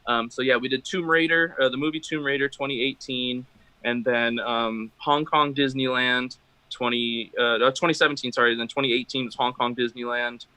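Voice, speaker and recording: Bright-voiced man rambling about his work. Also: medium pitch, fairly even intonation, normal speed, dry recording, rough recording. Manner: rambling, many fillers and restarts. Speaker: guest, drum maker. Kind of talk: casual interview talk.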